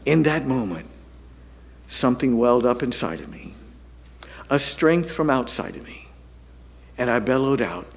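A man, a pastor, telling a story in a sermon to his congregation, animated and self-deprecating, swinging from loud to hushed. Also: medium pitch, moderate pace.

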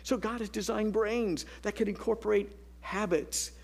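A man's voice: high voice, steady tone, normal speed, vocal fry. A man preaching a sermon as pastor, telling stories and dropping to a whisper for emphasis. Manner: storytelling, dynamic, drops to a whisper for emphasis.

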